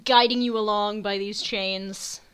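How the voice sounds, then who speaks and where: A woman's voice: mid-range voice, fairly even intonation, a little slow, fairly bright tone, clean tone. A woman, narrating a tabletop game as game master in a casual way, with lots of fillers. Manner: casual, laughing, filler-heavy.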